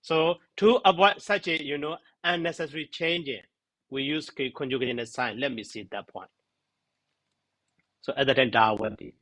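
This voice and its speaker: Halting male Pali teacher. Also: mid-range voice, fairly bright tone, rough recording. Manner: halting, searches for words, many fillers. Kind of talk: explaining grammar in a class discussion.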